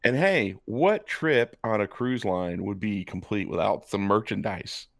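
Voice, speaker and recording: In a studio-quality recording with no room sound, a podcast co-host reads a text aloud in a low, slightly slow, creaky voice. Between hiccups, he adds sarcastic remarks, keeping the chat casual and jokey.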